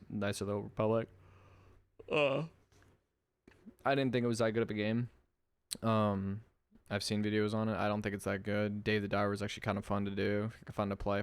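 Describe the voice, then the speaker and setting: A man's voice: fairly low pitch, clean tone, dry recording. A young man hosting a solo podcast, tired from a sleepless night, chatting in a laid-back, slangy way with lots of ums. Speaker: podcast host. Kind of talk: casual solo podcast chat.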